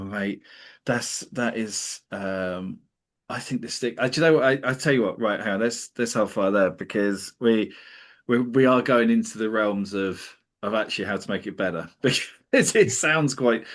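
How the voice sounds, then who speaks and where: A man hosting a comedy podcast, chatting casually, giggling often and stumbling over his words. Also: medium pitch. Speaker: podcast host.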